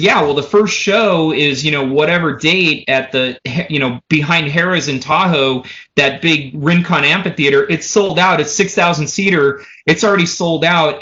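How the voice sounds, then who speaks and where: A man, a drummer, casually telling a long story, animated and profane, acting out the people he quotes. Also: on the high side, highs cut off. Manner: animated, profane, runs stories with "he goes" and "so anyway". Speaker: drummer and podcast guest.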